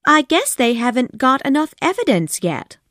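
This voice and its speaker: A woman reading an audiobook voices an eager, excitable young girl in a raised, bright tone. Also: high voice, normal speed, dry recording, studio quality, pitched above the performer's own voice. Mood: excited.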